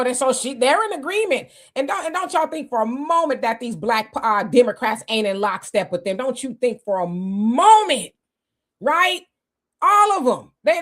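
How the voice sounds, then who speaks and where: A woman co-hosts a casual political livestream, reading viewer comments out loud and reacting heatedly with lots of exclamations while calling her audience "y'all." Her voice is high-pitched and a bit bright.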